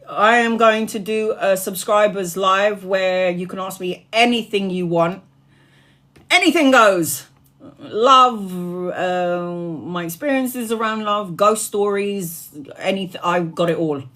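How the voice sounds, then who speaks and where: A woman chatting casually on a phone live stream as a tarot reader, animated and laughing often, swearing freely and sounding tired after hours live. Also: medium pitch, measured pace.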